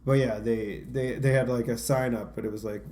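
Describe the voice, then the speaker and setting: A man's voice: medium pitch, steady tone, a little fast, mellow, slight background noise. A man co-hosting a casual podcast chat, telling rambling, self-deprecating stories with lots of restarts. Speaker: podcast co-host.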